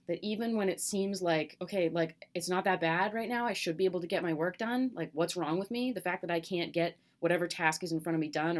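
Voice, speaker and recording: A middle-aged woman teacher recording a video message to her students at home, speaking gently and candidly with a reassuring manner and some fillers. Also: mid-range voice. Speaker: college teacher. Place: home, at kitchen table.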